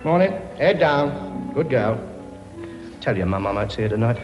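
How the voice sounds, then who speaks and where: A man's voice: mid-range voice, animated, moderate pace, highs cut off, loud music behind the voice, close to an everyday voice. A man playing a blustering king who bosses his many children, talking brashly and cracking jokes in a studio comedy sketch. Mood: bossy. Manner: brash, bossy, wisecracking. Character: blustering cockney-style king, bossy father of many. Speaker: comic actor playing a king.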